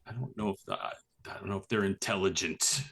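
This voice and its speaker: A man playing a tabletop game, describing his character's moves slowly and hesitantly. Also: low voice, creaky, fairly bright tone, slightly rough. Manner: slow, hesitant, many fillers. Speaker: player. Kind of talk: tabletop role-play, casual.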